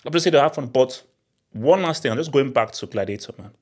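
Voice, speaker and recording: An excitable young man talks casually to his viewers, using slang and repeating himself when he gets worked up. His voice is husky, at an ordinary middle pitch, and he laughs often as he talks. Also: quick pace. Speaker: movie vlogger. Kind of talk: casual chat to camera.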